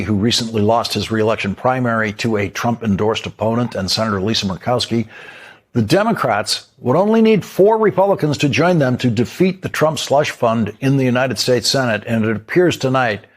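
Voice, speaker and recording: A male anchor delivers news commentary in a measured, emphatic way. His voice is a little husky, at a middle pitch.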